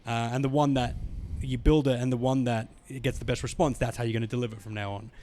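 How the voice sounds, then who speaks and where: Chatty comedian hosting a podcast. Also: male voice, mid-range voice, fairly even intonation, fast, darkish tone, a little hiss or hum. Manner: chatty, self-deprecating, laughs often. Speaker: podcast host, stand-up comedian. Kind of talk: casual podcast chat.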